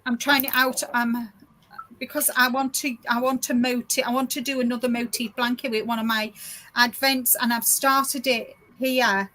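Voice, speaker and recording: A woman's voice: fairly high pitch, flat delivery, normal speed, a bit bright, low-quality recording. A woman hosting a casual craft livestream, explaining her work step by step with frequent restarts. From South Africa. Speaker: livestream host.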